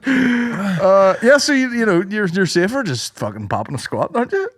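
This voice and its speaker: A man's voice: high-pitched, big pitch swings, moderate pace. A man co-hosting a podcast, bantering crudely and breaking into laughter. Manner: crude, giggly, bursts of laughter. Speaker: podcast co-host. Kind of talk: casual banter.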